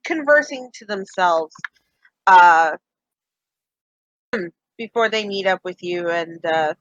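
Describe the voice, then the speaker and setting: A woman narrating as game master of a tabletop game, relaxed, with lots of fillers. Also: medium pitch, no echo, dull audio. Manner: relaxed, with many fillers and "kinda".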